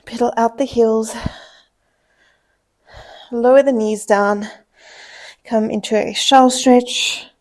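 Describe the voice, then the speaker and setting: A woman's voice: a little high, fairly even intonation, takes it slowly, long pauses. A young woman leading a pilates class with short exercise cues and countdowns. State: out of breath. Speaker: pilates instructor. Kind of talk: cueing a workout class.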